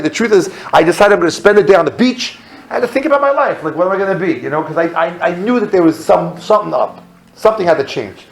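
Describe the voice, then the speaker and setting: A man speaking as a rabbi, telling a comic story in an animated, self-mocking way and jumping into loud re-enactments. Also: high-pitched, gravelly, roomy sound, rough recording.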